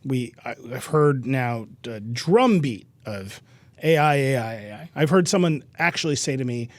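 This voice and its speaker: A man hosting a tech podcast, mid-pitched, riffing wryly with quick jokes. The mic is close and dry, with no room sound. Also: expressive, dry recording. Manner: wry, riffing, quick asides. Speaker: podcast host. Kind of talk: casual tech podcast chat.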